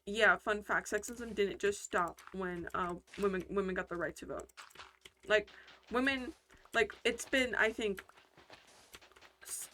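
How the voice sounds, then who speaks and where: A woman's voice: medium pitch, fairly bright tone, a little hiss or hum. A woman hosting casual gameplay commentary, talking in a rambling, heated way with lots of fillers and restarts. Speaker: gaming channel host.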